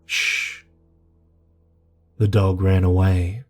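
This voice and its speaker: Slow, dark-voiced male horror narrator. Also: lowish voice, level tone. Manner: slow, measured, grave. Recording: narration over faint music.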